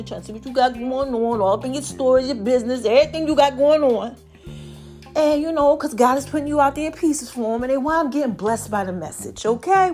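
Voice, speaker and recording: A woman hosting a casual faith podcast, talking to her listeners in an animated, preachy way and a little out of breath. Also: high voice. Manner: animated, preachy, calls listeners y'all and child. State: a bit out of breath. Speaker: podcast host.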